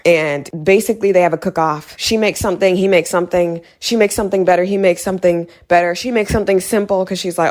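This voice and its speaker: A woman's voice: fairly low pitch, fast talker, hardly any pauses. A young woman giving a heated, exasperated casual recap of a movie, repeating points for emphasis. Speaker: video creator.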